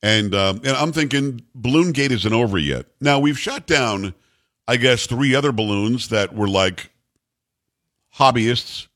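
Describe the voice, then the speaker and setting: A man's voice: medium pitch, measured pace, fairly bright tone, no echo. A man hosting a talk radio show in a studio, joking and teasing his co-host in casual, rambling banter.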